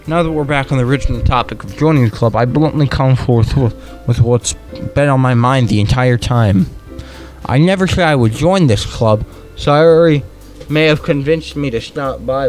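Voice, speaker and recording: A young man playing an awkward comedic persona, reading a visual novel aloud in character with slurred, wet-mouthed speech, halting and stumbling over his words in a deadpan way. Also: mid-range voice, low-quality recording. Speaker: comedic let's-play persona.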